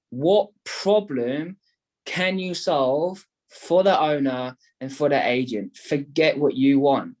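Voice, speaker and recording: A man, a property investment guest in a casual podcast talk, who keeps acting out both sides of phone calls. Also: medium pitch. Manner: animated, acts out phone calls.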